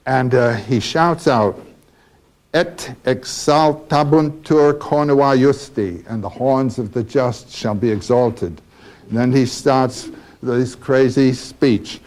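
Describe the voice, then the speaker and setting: A man lecturing on a novel, talking slowly and haltingly with many fillers. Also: medium pitch, darkish tone. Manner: slow and halting with frequent fillers. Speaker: literature lecturer.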